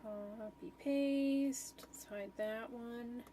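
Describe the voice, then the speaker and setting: A woman's voice: a little high, steady tone, extremely slow, mellow, slight background noise. Rambling woman thinking aloud. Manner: thinks aloud, self-talk, trailing fillers. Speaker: art streamer. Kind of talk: rambling casual chat while designing.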